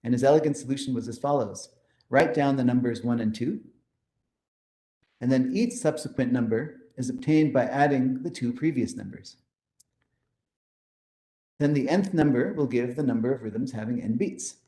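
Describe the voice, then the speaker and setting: In an echoey conference hall, a man with a mid-range voice lectures on mathematics in a mellow, relaxed tone. He walks through each step enthusiastically, often checking in with a quick "right?".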